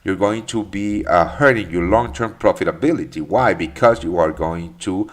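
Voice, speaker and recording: A man's voice: low-pitched, normal speed. A man hosting a live trading session, explaining charts and answering viewers with many fillers and restarts. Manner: rambling, lots of fillers and restarts, calls viewers mate. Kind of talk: live market commentary and Q&A.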